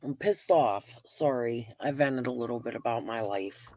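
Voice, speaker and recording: A middle-aged woman and grandmother hosting a casual livestream, venting and telling stories in an animated way while getting over a lung infection. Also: extremely low pitch, moderate pace, no room sound, studio quality. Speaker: livestream host.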